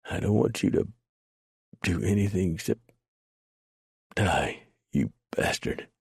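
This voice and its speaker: A bitter, dying outlaw gasps out every word in a faint voice, as a male narrator puts him on. The voice is very deep and gravelly, and the recording is dry and close. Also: sing-song, slow, no room sound, exaggerated voice. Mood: gasping bitter. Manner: gasping, faint.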